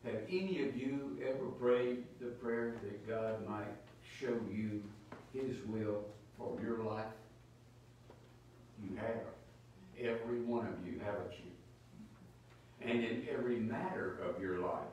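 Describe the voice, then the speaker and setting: Man preaching a bible study, kinda low voice, emphatic, sounds far off in a big echoey church. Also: slow, darkish tone, a little hiss or hum. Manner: emphatic, asks the listeners rhetorical questions. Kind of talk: teaching sermon.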